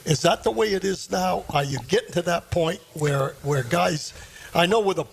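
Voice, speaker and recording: Gravelly higher-voiced radio co-host. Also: male voice, moderate pace, a little hiss or hum. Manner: reflective, asks questions. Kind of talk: radio interview.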